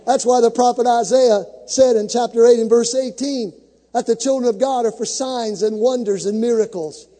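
A man's voice: very high voice, fairly even intonation, normal speed, dark tone, long reverb tail. A male pastor preaching a sermon to a congregation, with dramatic build-ups, acting out the scripture stories he tells.

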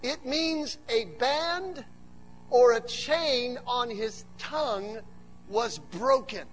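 A man preaching a sermon to a church, mixing humorous asides with animated build-ups that rise to shouts. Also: very high voice, very slow, soft background music.

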